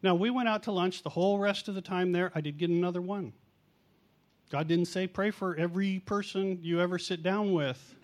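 Middle-aged guy preaching, tells stories, bit high voice, jokes on himself. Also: steady tone, moderate pace. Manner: chatty, self-mocking, acts out quotes. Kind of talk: storytelling sermon.

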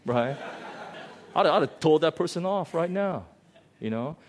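A man preaching a sermon in a conversational, storytelling way, swinging between loud outbursts and quiet, low passages. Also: lively intonation, normal speed. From lives in Hong Kong. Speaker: pastor.

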